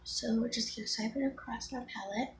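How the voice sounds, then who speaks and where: A woman's voice: fairly high pitch, fairly even intonation, brisk, noisy background. A teenage girl chatting casually through a makeup tutorial, rambling with ums and restarts. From Florida. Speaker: beauty vlogger.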